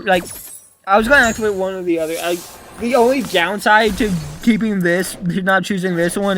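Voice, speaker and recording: A man with a notably high-pitched voice talks his way through a card game in loose, casual commentary. He rambles, swears freely and keeps cutting himself off to restart his sentences. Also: fairly bright tone, a little hiss or hum. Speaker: gaming video creator.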